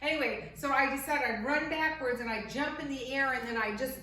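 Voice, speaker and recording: A woman telling a childhood story in casual chat, laughing often and animated as she talks. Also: sits high, brisk, heavy reverb, far from the mic, poor audio.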